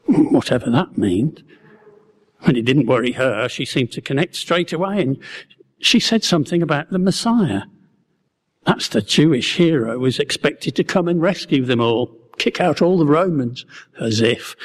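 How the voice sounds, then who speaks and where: Guy telling a story in first person, husky voice, wry and wondering, long echoey hall reverb. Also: fairly high pitch, animated, moderate pace. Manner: wry, musing storyteller who acts out his own wondering.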